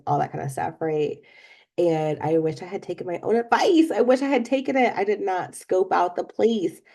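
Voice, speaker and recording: A young woman hosting a podcast, telling an animated story and giving casual advice straight to her listeners. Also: sits low, gravelly. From not from Florida. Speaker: podcast host.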